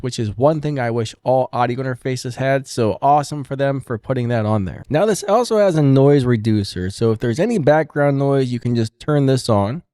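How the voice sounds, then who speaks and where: Relaxed man reviewing gear, dark tone. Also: medium pitch, no room sound, studio quality. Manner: relaxed, chatty explaining. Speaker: product reviewer. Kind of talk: casual product review demo. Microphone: studio broadcast microphone.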